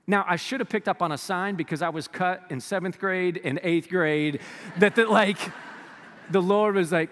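A man from the United States preaching a sermon, reading scripture and telling stories in an animated way. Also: high voice, moderate pace, in a large hall, background noise. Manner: animated storytelling, acts out quoted voices. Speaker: pastor.

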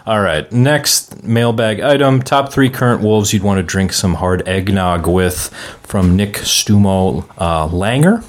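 Low male voice, relaxed co-host reading mailbag questions. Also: a little slow. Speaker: podcast co-host reading listener mail. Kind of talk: casual sports podcast chat.

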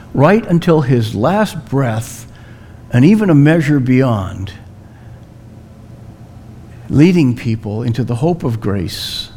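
A man preaching a sermon, telling a story slowly and dramatically with long pauses. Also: medium pitch, mellow, slight background noise.

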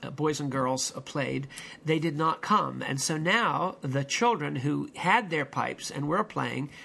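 Gravelly guy preaching, bright edgy tone, rambles off into pop culture asides, lots of uhs. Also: a little high, measured pace. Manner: rambling, digressive, many fillers and restarts. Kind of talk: sermon.

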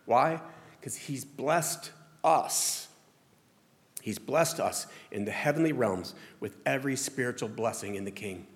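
A man's voice: mid-range voice, unhurried. A male pastor with a Southern American accent giving a conversational, self-deprecating sermon in a church sanctuary. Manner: conversational, self-deprecating preaching with frequent restarts. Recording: long hall reverb.

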